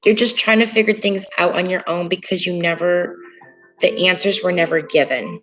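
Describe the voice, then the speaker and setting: A woman giving a tarot reading, speaking in a halting, hesitant way with many pauses and fillers. She sounds earnest and emotional as she talks through the cards. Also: fairly low pitch, low-quality recording. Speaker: tarot reader. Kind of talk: tarot card reading to camera. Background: soft meditation music.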